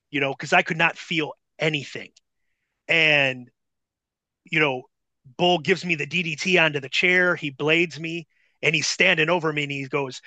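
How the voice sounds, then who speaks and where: A man, a former wrestler, casually telling a profane, animated story as a podcast guest. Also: fairly high pitch, normal speed, dry recording.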